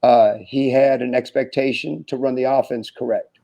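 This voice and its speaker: On dull audio, a creaky, medium-pitched American man in his sixties speaks at a moderate pace. He's a former basketball player guesting on a podcast, spinning interview anecdotes in which he acts out the dialogue and frequently chuckles.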